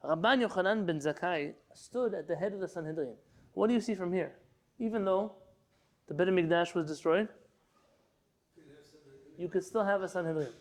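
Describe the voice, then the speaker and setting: A man with a high voice leads a class for students in the room, reading Hebrew lines aloud and then translating and explaining them. He teaches in a lively, storytelling way. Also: normal speed, pauses often. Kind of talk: lecture class.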